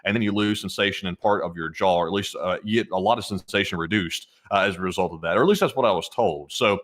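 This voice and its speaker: On a live stream, a man chats casually in a lower-pitched but fairly bright voice. He talks fast and rambles, with lots of fillers and restarts.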